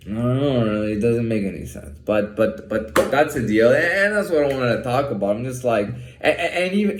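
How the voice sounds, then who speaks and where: A man's voice: medium pitch, lively intonation, normal speed, echoey room. A man talking in a casual, rambling monologue, swearing freely and stumbling over repeated words as he rants. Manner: profane, repetitive, restarts often, aggravated rants.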